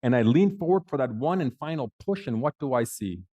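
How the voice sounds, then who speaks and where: A middle-aged man giving a keynote speech, telling a personal story with dramatic pauses and acted-out quotes. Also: mid-range voice, animated, mellow, dull audio. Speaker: keynote speaker.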